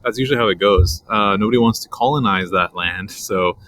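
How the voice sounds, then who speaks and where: Man, low voice, laid-back swearing podcast banter. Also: brisk, a bit bright, slight background noise. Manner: laid-back, swears a lot, says "dude". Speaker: podcast co-host. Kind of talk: casual crude banter.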